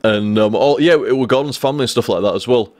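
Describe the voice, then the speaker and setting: Young man, profane, rambling, mid pitch, dry. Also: fast talker, no echo. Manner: rambling, profane, restarts often. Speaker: streamer. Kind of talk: casual storytelling to a live stream.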